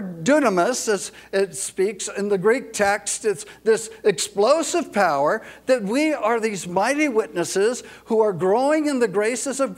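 Man, pastor, sermon, high-pitched, slow and deliberate, emphatic repetition, folksy asides, microphone. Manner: emphatic, repeats words for stress.

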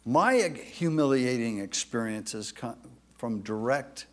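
A man preaching a sermon, speaking slowly and emphatically, with passages that drop to a soft, confessional tone. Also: medium pitch, lively intonation.

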